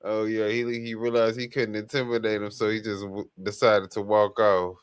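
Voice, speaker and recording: A man's voice: on the low side, level tone, moderate pace, smooth, no room sound. A man hosting a casual talk show, chatty and laid-back, introducing topics. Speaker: podcast host. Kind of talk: casual chat.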